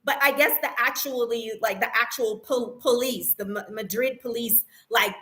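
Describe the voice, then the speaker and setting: Indignant woman vlogger, high bright voice, emotional storytelling with restarts. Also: normal speed. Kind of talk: personal story vlog.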